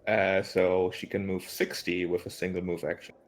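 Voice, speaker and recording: A man with a fairly low voice plays a tabletop game. He talks casually and plans his character's moves out loud. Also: normal speed, a little hiss or hum. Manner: relaxed, planning moves aloud. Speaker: player.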